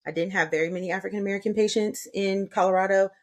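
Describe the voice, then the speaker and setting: A young woman speaks candidly as a guest on a podcast interview, telling her experiences as stories. She acts out quoted exchanges as she goes. Her voice sits at a moderate pitch. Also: steady tone, quick pace. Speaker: anesthesiologist assistant student guest.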